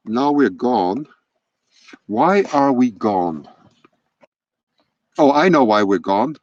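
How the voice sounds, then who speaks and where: Speaking slowly with long pauses and big swings in pitch, a mid-range male voice narrates a live wildlife stream from a hilltop. He thinks aloud and keeps restarting. Through an external laptop mic the sound is muffled and darkish, with no room sound.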